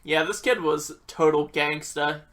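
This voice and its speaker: A man's voice: a little high, steady tone, measured pace, fairly bright tone. A young man telling a rambling, profane storytime about his school days and acting out what people said. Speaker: vlogger.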